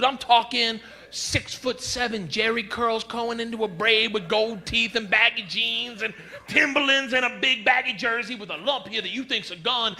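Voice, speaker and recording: A man's voice: very high voice, normal speed, gravelly, sharp tone. A man performing a stand-up comedy set on a club stage, telling stories and acting out other people's voices.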